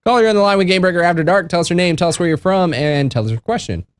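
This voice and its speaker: Fast-talking male call-in show host. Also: high-pitched, dry recording. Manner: quick, laughing, with many restarts. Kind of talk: casual call-in show chat.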